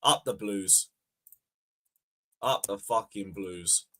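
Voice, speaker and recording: A young man hosting a fan livestream, bantering loudly, swearing and taunting viewers. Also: on the low side, takes it slowly. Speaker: fan channel host. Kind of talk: casual livestream chat.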